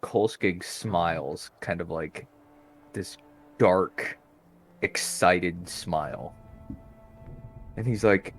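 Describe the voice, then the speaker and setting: A man at a tabletop game with a very deep voice and an unhurried pace. He talks in a laid-back, joking way. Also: husky, soft background music. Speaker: player. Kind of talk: casual tabletop game play.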